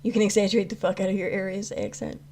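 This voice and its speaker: A woman's voice: medium pitch, fairly even intonation, quick pace, a little mellow, slight background noise. A woman talking loosely on a livestream, trailing off and restarting her sentences as she answers chat. She swears freely and breaks into laughter. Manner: rambling, restarts a lot, swears, laughs often. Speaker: commentary channel host reading live chat. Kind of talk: casual livestream commentary.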